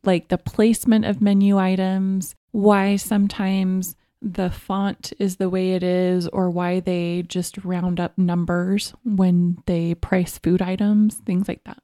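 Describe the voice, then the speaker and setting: A woman's voice: on the low side, little pitch movement, slow pace, few pauses, dark tone, dry recording, studio quality. A woman co-hosting a casual podcast, talking with a slight lisp. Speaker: podcast co-host. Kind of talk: casual chat.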